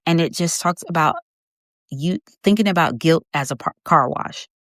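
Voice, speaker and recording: Low-voiced woman hosting a heartfelt podcast. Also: moderate pace, fairly bright tone, no echo, clean studio sound. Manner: heartfelt, conversational, addresses listener as friend. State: holding back tears. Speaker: podcast host. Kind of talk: faith-based podcast monologue.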